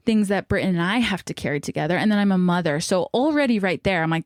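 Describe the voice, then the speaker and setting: A woman's voice: on the low side, expressive, quick pace, few pauses, no room sound. Breathless chatty young woman, dry closet sound. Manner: chatty, upbeat, laughs often, says y'all. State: a bit out of breath. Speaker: podcast host. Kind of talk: casual solo podcast chat. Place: small closet alcove under stairs.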